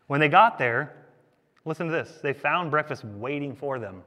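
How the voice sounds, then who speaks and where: Male pastor, animated conversational sermon, raised pitch, long hall reverb. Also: moderate pace. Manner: animated, conversational, jokey asides.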